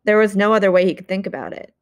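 A woman narrating an audiobook in a measured, expressive reading. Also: medium pitch. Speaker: audiobook reader.

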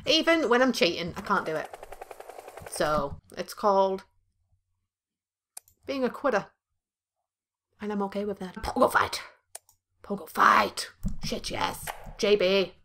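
A young woman giving loud, profane, jokey commentary while playing a video game. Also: mid-range voice, animated, measured pace, pauses often, a little hiss or hum. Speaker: gameplay streamer. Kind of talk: let's play commentary.

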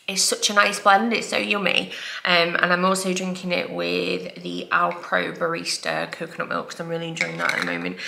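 A woman's voice: fairly low pitch, vocal fry, background noise. A woman in her thirties, a mum chatting casually and rambling through her morning makeup routine at home. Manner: chatty, rambling, self-deprecating. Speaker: vlogger, mum. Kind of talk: casual get-ready-with-me makeup chat.

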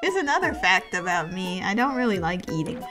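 A young woman from the US streaming a video game, chatting with viewers, giggly and excitable. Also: mid-range voice, brisk. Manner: giggly, excitable, bursts into laughter. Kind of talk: casual gameplay live stream. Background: game music.

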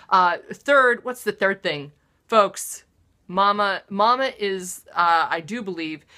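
A woman hosts her own comedy show, her voice bright and forward. She rants in a self-mocking monologue, jumping from loud theatrical outbursts to low muttered asides. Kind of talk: deadpan self-deprecating comic monologue.

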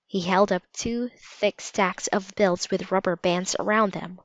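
A woman narrating a children's storybook aloud in a calm, measured way. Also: mid-range voice, dry recording. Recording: slightly dull lo-fi recording.

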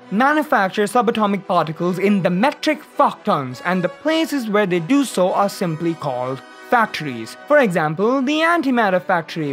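A science YouTuber giving a comedic explainer that is sarcastic and exasperated, with the odd swear word for laughs. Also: medium pitch. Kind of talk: comedic educational monologue.

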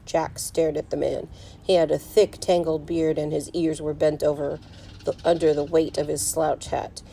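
A teacher reading a children's novel aloud at home, in steady storybook narration. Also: female voice, low voice, normal speed, vocal fry, slight background noise, low-quality recording. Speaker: fourth grade teacher.

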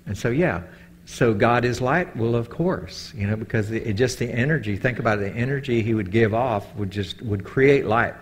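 A man giving a casual Bible teaching talk, telling animated stories and often checking in with his listeners. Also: medium pitch, normal speed, slight background noise. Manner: animated storytelling, keeps asking "okay?".

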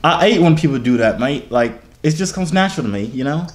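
A man's voice: fairly high pitch, animated, fast, a crowd in the background, natural voice. A young man putting on a mock British accent, playing a cheeky lad. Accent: put-on British.

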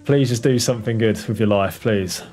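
This streamer has a lowish voice and talks briskly, with faint music behind him. Running a game live, he chats with viewers and urges his character on, swearing excitably whenever it gets tense.

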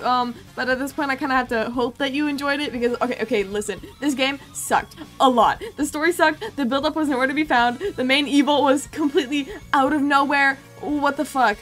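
Bright-voiced woman hosting gameplay. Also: high-pitched, brisk, hardly any pauses, soft background music. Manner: blunt, swears freely, laughs often. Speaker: gaming video host. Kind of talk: casual let's-play commentary.

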